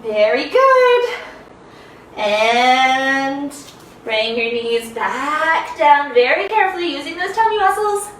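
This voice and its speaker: A woman's voice: sits high, sing-song, takes it slowly, fairly bright tone, reverberant, recorded from a distance, slight background noise, low-quality recording. A young woman leading a children's yoga lesson, playful and sing-song, making animal sounds as she teaches.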